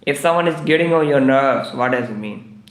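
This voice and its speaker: A man's voice: mid-range voice, normal speed, echoey room. A man teaching English idioms on a live stream, repeating each phrase several times in broken English. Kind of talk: livestreamed English idiom lesson. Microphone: live stream microphone.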